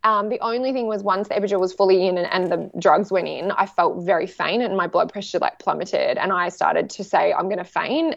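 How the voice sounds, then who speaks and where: A woman in her thirties chatting casually, telling a story with lively acted-out quotes. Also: lowish voice, creaky, dry recording. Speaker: guest sharing a birth story. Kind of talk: casual chat. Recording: dry, slightly dull sound.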